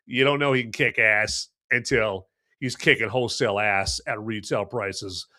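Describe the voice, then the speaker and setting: A man's voice: fairly low pitch, fairly even intonation, normal speed, bright, forceful tone. A man hosting a live movie review podcast, rambling and joking while answering the live chat. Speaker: podcast host.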